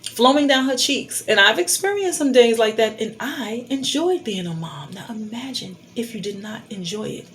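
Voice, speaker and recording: A woman's voice: on the high side, lively intonation, moderate pace, slight background noise. A middle-aged woman giving blunt life advice to a phone camera, emphatic and preachy, repeating her key points. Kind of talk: candid advice monologue.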